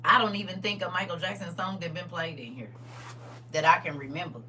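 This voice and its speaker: A woman's voice: lowish voice, fairly quick, far from the mic, a little hiss or hum. A middle-aged woman hosting a live stream, chatting casually and laughing a lot. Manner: animated, laughing, exclaiming. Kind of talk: casual chat.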